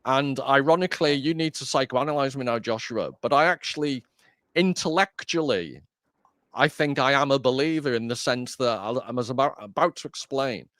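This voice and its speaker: A man's voice: mid-range voice, animated, moderate pace, a bit bright, dry recording, studio quality. A man hosting a casual discussion, chatty and self-deprecating, often rambling. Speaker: host.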